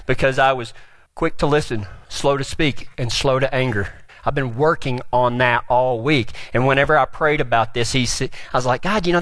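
A man's voice: medium pitch, no room sound. A man preaching a folksy, joking sermon as pastor. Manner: folksy, joking, builds to shouts.

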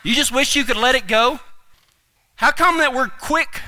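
A man preaching a sermon, telling a funny story in an animated, folksy way. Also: extremely high pitch, normal speed. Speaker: pastor.

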